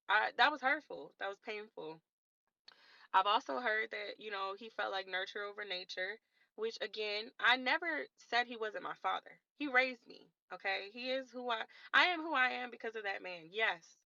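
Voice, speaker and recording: A woman's voice: medium pitch, pushed and bright, dry recording, lo-fi sound. Indignant woman telling a family story. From Washington DC area. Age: late 20s. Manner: emphatic and indignant, addresses viewers directly. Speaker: vlogger. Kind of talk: storytime vlog, talking to viewers.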